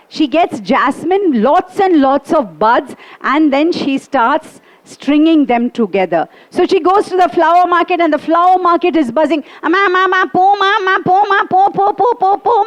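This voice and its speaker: A middle-aged woman telling a story to children, playful, making sound effects and asking the listeners questions. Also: high-pitched.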